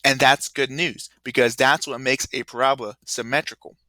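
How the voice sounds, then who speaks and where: A man teaching a casual, rambling video math lesson, often filling pauses with "uh". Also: mid-range voice, flat delivery, bright, forceful tone, no room sound.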